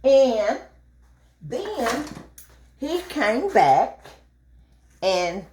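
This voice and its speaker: A middle-aged woman telling a story casually while cooking, acting out the dialogue with big jumps in her voice. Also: drawn-out words. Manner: animated, acts out dialogue with big pitch jumps. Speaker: vlogger.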